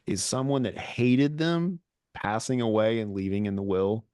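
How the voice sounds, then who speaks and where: A man's voice: mid-range voice, expressive, moderate pace, no room sound, studio quality. A man co-hosting a podcast, telling rambling, self-mocking stories in casual chat. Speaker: podcast co-host.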